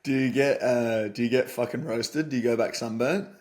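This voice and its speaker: A man co-hosts a casual podcast. He talks in a relaxed, blokey way and swears freely. His voice sits at an ordinary middle pitch. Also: normal speed. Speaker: podcast co-host.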